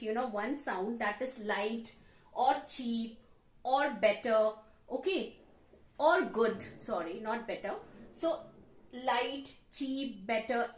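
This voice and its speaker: A woman English teacher with an Indian English accent, explaining grammar slowly at a board and repeating her examples. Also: sits high, roomy sound. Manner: explains slowly, repeats examples, frequent "you know" and "okay". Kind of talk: classroom grammar lesson. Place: classroom with a board.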